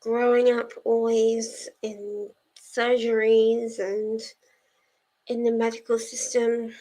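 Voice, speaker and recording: This young woman's voice sits on the high side, warm but monotone, and she speaks slowly. She hosts reading sprints on a live stream, chatting casually with viewers, laughing frequently and becoming teary at times. The audio is poor.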